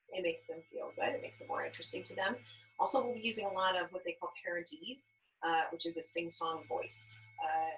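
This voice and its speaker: A young woman teaching a baby yoga class, explaining gently and encouragingly with frequent "um" fillers. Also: fairly low pitch, slight background noise, rough recording. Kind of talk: instructional class narration.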